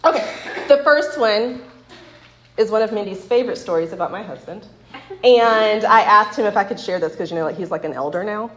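A woman's voice: mid-range voice, expressive, a little fast, fairly bright tone. A woman in her forties giving a casual, chatty Bible talk with stories, often laughing and asking "right?", recorded in an echoey room. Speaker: women's Bible study speaker.

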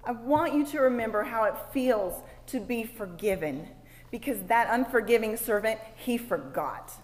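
A woman, speaking to a women's gathering and telling a personal sermon story in an expressive way that moves from hushed asides to loud exclaims. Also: a little high, normal speed. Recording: long hall reverb, faint background noise.

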